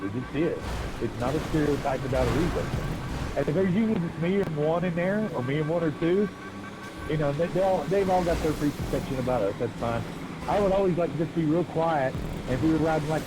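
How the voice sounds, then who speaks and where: A man's voice: a little high, background noise. A man streaming a racing game, telling crude stories in a rambling, laughing way. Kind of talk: casual storytelling while gaming.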